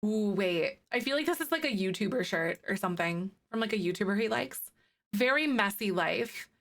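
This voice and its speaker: A woman's voice: mid-range voice, animated, normal speed, a bit bright. A young woman streaming a game live, chatting casually with her viewers and reacting to their messages. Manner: chatty, reacting to chat with laughs and fillers. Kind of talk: casual live-stream chat while playing.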